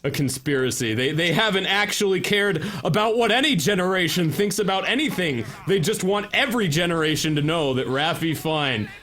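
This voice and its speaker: A man's voice: high-pitched, expressive, fairly quick, hardly any pauses, a bit bright. A young man with a slightly raised voice, chatting casually over a game stream. He talks in a sarcastic, crude way and keeps breaking into mocking impressions. His tone stays loose and jokey throughout. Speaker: co-host. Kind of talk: casual chat while gaming.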